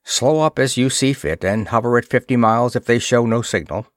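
A brisk spaceship commander, as a man reading the story puts him on speaks in short, clipped orders. The voice sits close and dry, with no room around it. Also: mid-range voice, dry recording, close to an everyday voice. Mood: commanding. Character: brisk middle-aged male spaceship commander.

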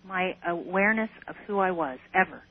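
Woman guest on the phone, earnest and unhurried, sounds tinny like a call-in line. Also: on the low side, lively intonation. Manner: earnest, unhurried, hesitant restarts. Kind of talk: recounting a personal experience in an interview.

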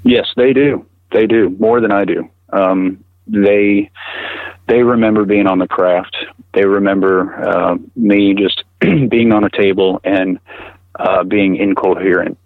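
A middle-aged man telling his story in an interview, halting and repeating words with many fillers, heard over a tinny phone line. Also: on the low side, steady tone, dry recording. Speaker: guest recounting personal experience.

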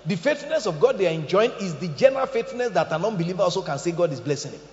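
A man preaching a sermon as pastor, emphatic and joking, swinging between loud bursts and quiet asides. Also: sits high, very animated, rapid-fire. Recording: echoey hall, slightly dull sound.

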